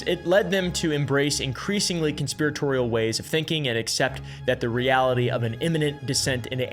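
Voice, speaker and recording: A man narrates a casual explainer in a middle-pitched voice and keeps cutting in with sarcastic, crude asides. Soft music plays low behind him. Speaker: YouTube host.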